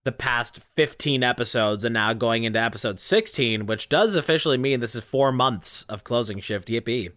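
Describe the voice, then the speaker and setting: Relaxed low chest-voice podcast host. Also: normal speed, few pauses, no echo, clean studio sound. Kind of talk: casual chat.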